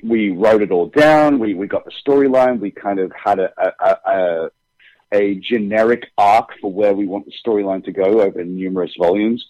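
A man's voice: fairly low pitch, mellow, no echo, muffled recording. A young adult man with an Australian accent, chatting as an interview guest, with frequent restarts and fillers. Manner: halting, many restarts and fillers. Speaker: actor and comic creator, guest. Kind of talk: casual interview chat.

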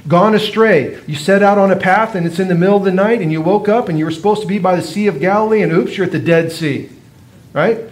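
A man with a slightly higher voice delivers a sermon. He teaches in a loose, conversational way, often turning to his listeners with rhetorical questions. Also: fast. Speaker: pastor.

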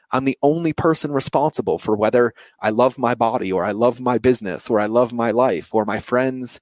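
A man's voice: mid-range voice, dry recording. A man in his thirties, an entrepreneur talking earnestly about his life, full of "like" and "you know". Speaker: entrepreneur guest. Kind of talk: reflective personal interview talk.

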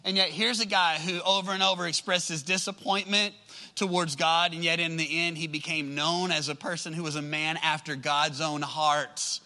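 A pastor preaches to a live congregation in a church, addressing them directly and conversationally. His fairly high voice keeps a steady tone and moderate pace as he swings between loud, emphatic outbursts and soft, quiet asides.

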